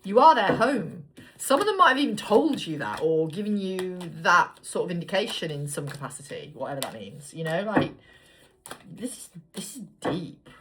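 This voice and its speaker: A woman's voice: lowish voice, very animated, moderate pace, background noise. A woman giving a casual tarot reading to viewers, chatty and blunt, swearing freely as she draws cards. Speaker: tarot reader.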